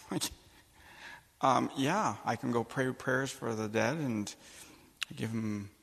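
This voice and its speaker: A male priest giving a sermon, telling a personal story with animated, emphatic delivery and acting out the dialogue. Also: mid-range voice, slow, vocal fry, slightly rough. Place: church or conference hall. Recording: long hall reverb.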